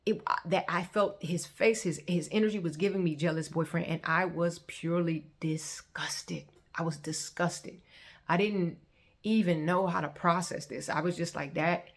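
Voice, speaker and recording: A woman's voice: on the low side, moderate pace. A woman in her thirties telling her personal testimony in a conversational, storytelling way. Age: 30s. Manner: conversational, animated when quoting others. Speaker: testimony vlogger.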